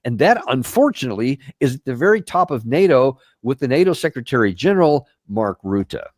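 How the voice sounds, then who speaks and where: Animated man giving emphatic commentary. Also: medium pitch, brisk, no room sound, studio quality. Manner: emphatic, incredulous, lively. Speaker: host and military commentator. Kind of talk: commentary on a news clip.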